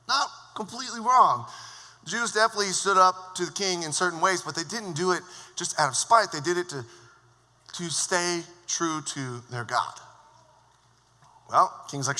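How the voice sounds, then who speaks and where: Male worship leader, high and sharp voice, joking storyteller, long church reverb. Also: normal speed. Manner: lively, joking storytelling with acted asides. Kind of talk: sermon. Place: church sanctuary.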